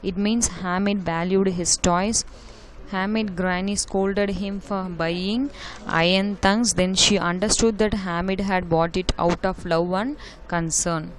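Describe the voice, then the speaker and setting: A woman's voice: on the low side, poor audio. A woman teacher with an Indian English accent, explaining a prose lesson line by line and repeating herself in simple words. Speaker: school teacher.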